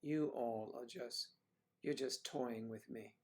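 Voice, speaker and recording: A man's voice: medium pitch, slow pace. A man hosting a casual livestream, chatting and teasing viewers with jokey asides. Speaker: livestream host. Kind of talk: casual chat reading viewer comments.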